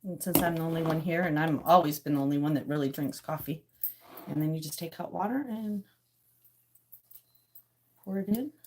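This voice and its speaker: A middle-aged woman hosting a casual livestream from outdoors on a wooded ridge, chatting with viewers and her pets, sometimes dropping into soft whispers. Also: low-pitched, moderate pace, pauses often. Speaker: livestream host. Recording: noisy outdoor recording.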